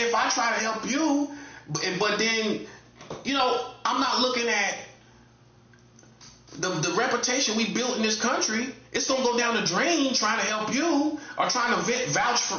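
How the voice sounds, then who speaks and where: A high-voiced man delivers a casual monologue with a bright, forceful edge. He lectures the listener, repeating himself for emphasis. The recording sounds roomy and a little dull. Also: normal speed. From North Carolina. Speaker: online commentator.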